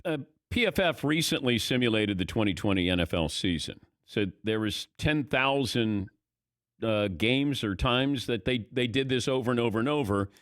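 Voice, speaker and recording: A man's voice: medium pitch, lively intonation, moderate pace, a bit bright, no room sound, clean studio sound. A man hosting a sports interview, asking brief, easygoing questions. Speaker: radio show host.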